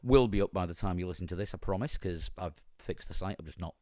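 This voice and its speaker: Croaky low-voiced man hosting a podcast. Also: fast talker, a little mellow, no echo, clean studio sound. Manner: jokey, laughs often, many ums. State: croaky, strained voice. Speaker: podcast host. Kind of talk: casual podcast chat.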